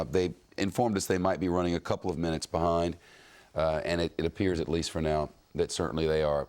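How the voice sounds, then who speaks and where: A man anchoring live breaking news coverage in a somber, deliberate way, with some fillers. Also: deep voice, darkish tone.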